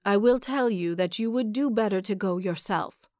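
A woman with a medium-pitched, darkish voice, close to an everyday speaking voice, plays a weary, bound male sailor, speaking at a moderate pace in a pleading, resentful way. The studio-quality recording has no room sound.

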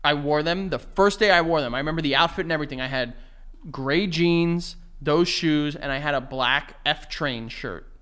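A man's voice: on the high side, normal speed, fairly bright tone, smooth. A young man co-hosting a podcast, telling rambling stories in casual chat, swearing and laughing easily. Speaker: podcast co-host.

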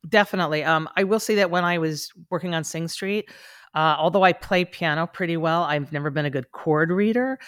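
As a guest on a casual podcast, a stage actor and coach talks a little fast in a lowish voice, with studio-quality audio and no echo. She's earnest and reflective, frequently starting sentences over.

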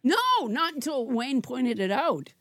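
A woman hosting a comedy podcast, quick-witted and teasing in casual banter. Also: high voice, lively intonation, no echo, clean studio sound. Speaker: podcast host.

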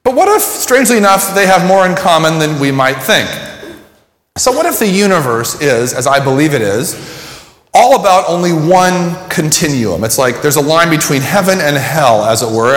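A man preaching a sermon, telling a personal story and reflecting in a conversational way. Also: fairly high pitch. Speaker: pastor. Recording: echoey hall with long reverb.

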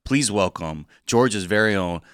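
A man's voice: lowish voice, expressive, moderate pace, fairly bright tone, clean tone, no room sound, studio quality. A man hosting a casual comedy podcast, loose and playful, swearing freely. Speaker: podcast host.

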